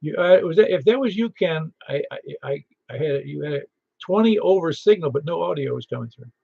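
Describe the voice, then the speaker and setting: A man hosting a ham radio net in casual chat, chatty and quick to tell stories. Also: fairly high pitch, animated, vocal fry, warm tone, husky. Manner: chatty, storytelling, laughs easily. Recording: muffled lo-fi radio audio.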